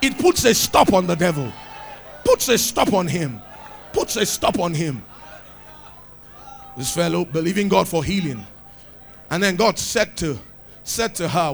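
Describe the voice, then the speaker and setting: A man preaching a sermon with exuberant shouts, laughter and cries of praise. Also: high voice, very animated, measured pace, gravelly, pauses often.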